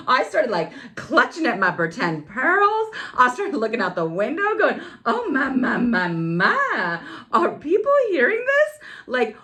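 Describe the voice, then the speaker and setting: A woman's voice: low voice, fairly bright tone. A woman in her forties hosting her own podcast from her home office, chatting candidly and breaking into dramatic exclamations. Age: 40s. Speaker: podcast host. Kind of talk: casual solo podcast chat.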